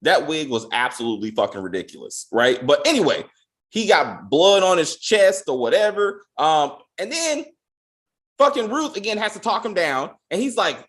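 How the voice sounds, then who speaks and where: A man's voice: a little high, big pitch swings, moderate pace, fairly bright tone. A man hosting a casual spoiler review of a TV episode, ranting in a profane, exasperated way. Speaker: TV show reviewer.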